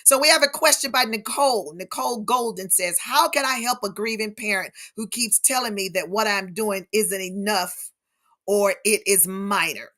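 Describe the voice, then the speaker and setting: A middle-aged woman with a mid-range voice speaks at normal speed on her casual live stream about grief. She addresses her audience as "y'all" in a warm, animated way.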